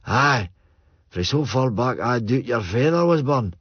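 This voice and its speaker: A man's voice: mid-range voice, expressive, measured pace, slightly rough, no room sound, dull audio, pitched above the performer's own voice. A man voicing a homely old Scottish countryman in broad dialect. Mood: friendly. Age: over 60.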